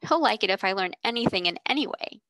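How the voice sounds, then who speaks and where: A woman's voice: medium pitch, animated, quick pace, sharp tone, no echo, low-quality recording. A woman voicing a timid, anxious young schoolgirl in a storybook reading, with a fretful, pleading manner.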